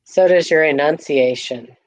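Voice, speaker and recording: A woman's voice: low voice, measured pace, crowd noise, poor audio. Giggly woman hosting a live stream. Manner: playful, giggly, repeats words, reads chat aloud. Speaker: host of a live morning stream. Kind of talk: casual live-stream chat.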